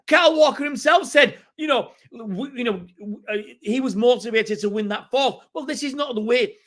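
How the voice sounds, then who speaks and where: A middle-aged man from England reacts live to a match on a fan stream, exasperated and circling back over the same complaints. His voice sits a little high for a man. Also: fairly bright tone. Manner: exasperated, repetitive ranting. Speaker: fan channel host.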